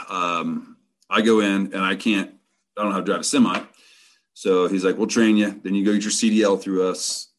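Low husky guy, blunt and swearing, casual storytelling. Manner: profane, blunt, laughing while telling.

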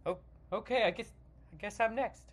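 A man's voice: high-pitched, moderate pace, breathy edge, voice pushed up. Man playing a starstruck, stammering young actor. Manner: gushing and stammering, full of 'like' and restarts. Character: eager starstruck young male actor, nervous. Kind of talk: comedy sketch.

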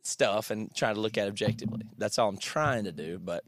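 A man's voice: on the low side, a little fast, slight background noise. A man co-hosting a podcast in casual chat, hesitant and earnest, often correcting himself mid-sentence. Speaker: podcast co-host.

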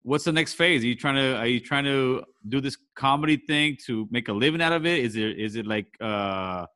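A man running a casual interview speaks in a relaxed, slangy style. He mostly answers with short replies, then asks loose follow-up questions in a middle-pitched voice. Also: fairly quick. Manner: laid-back, short backchannel replies, slangy.

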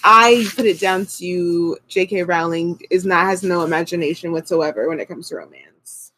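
A woman's voice: lowish voice, normal speed, a bit bright. A woman co-hosting a casual book-club chat, playful and slangy in how she talks. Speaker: co-host.

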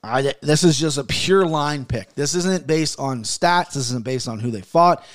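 In his thirties, this man hosts a casual podcast, speaking in a fairly high, unhurried voice. He rants heatedly and rambles, swearing plenty, before moving on to his fight betting picks.

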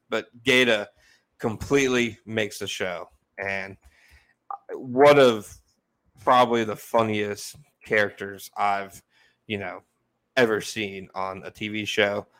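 A man co-hosting a podcast, talking in a casual, rambling and animated way. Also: lowish voice. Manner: animated, rambling, quick asides. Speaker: podcast co-host. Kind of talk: casual chat.

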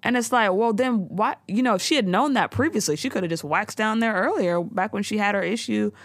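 A woman, co-hosting a casual chat and telling the story in a slangy, animated way with frequent laughs. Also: mid-range voice, a little fast, no echo. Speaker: podcast co-host recapping a TV show.

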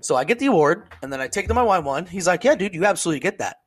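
A man co-hosting a casual podcast, telling a profane, animated story and acting out what other people said. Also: sits high, rapid-fire, slightly rough. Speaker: podcast co-host, service member.

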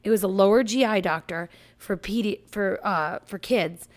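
A woman co-hosting a podcast, a mother of four talking in animated, swear-heavy banter, acting out her own yelling. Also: mid-range voice, moderate pace. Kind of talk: casual couple banter.

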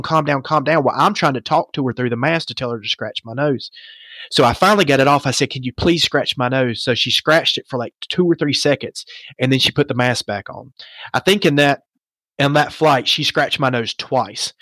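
A man recounting a personal story as a podcast guest, with lively rhetorical asides and self-questioning. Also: mid-range voice, no echo.

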